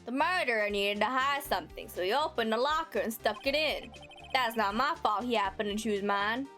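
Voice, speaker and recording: Brash game sheriff with a lazy drawl, read by a woman, bright high-ish tone. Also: soft background music. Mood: stubborn. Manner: slow drawl. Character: drawling cowboy sheriff man, brash and stubborn.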